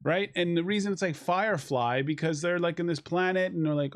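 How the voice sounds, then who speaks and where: A man reviewing a film in casual chat, rambling and animated, swearing casually. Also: on the high side, brisk, few pauses.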